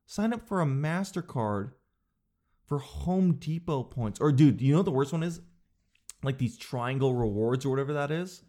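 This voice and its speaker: A young man hosting a show, telling a comedic story and acting out store clerks in a high voice and his own answers low and slow. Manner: drops low and slow to demonstrate a flat no. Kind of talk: comedic monologue.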